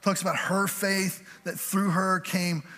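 Man preaching, high voice, joking asides, conversational sermon, long church reverb. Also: level tone, unhurried, pushed and bright. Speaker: pastor. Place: church sanctuary. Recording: hall reverb from a church sanctuary.

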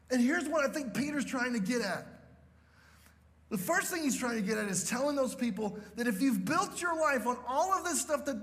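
A man's voice: very high-pitched, fairly bright tone, long reverb tail. A man preaching a sermon as pastor, telling a story with emphasis and often checking in with the crowd. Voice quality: emphatic storytelling with frequent "okay?" check-ins.

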